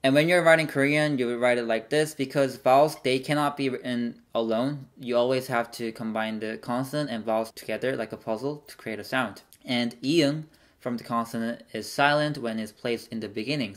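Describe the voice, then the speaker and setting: A man teaching an online language lesson, patiently sounding out syllables one at a time. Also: mid-range voice.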